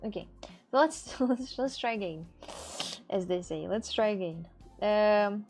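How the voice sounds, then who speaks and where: A woman's voice: mid-range voice, animated, unhurried, a little mellow, soft background music. A woman making clay crafts on a live stream, rambling and repeating herself as she talks to her viewers, with a lilt. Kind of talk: casual live-stream chat.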